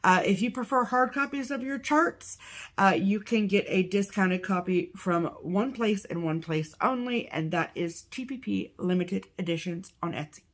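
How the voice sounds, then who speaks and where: A woman's voice: mid-range voice, normal speed. A woman co-hosting a craft video show, talking casually and reading promotions in an upbeat, chatty way with plenty of fillers. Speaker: podcast co-host. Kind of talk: casual chat.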